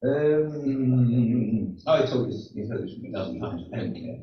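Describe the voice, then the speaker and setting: A man's voice: medium pitch, unhurried, slight background noise. An older man, a rabbi, telling jokes to his congregation in a rambling, chatty way with asides. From outside the United States. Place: synagogue hall. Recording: echoey hall, distant, dull room mic.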